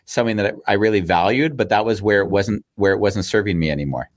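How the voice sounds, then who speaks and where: A man's voice: lowish voice, fast talker. A man hosting a podcast interview, asking probing questions and relating the guest's story to his own life. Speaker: podcast host. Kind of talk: conversational interview.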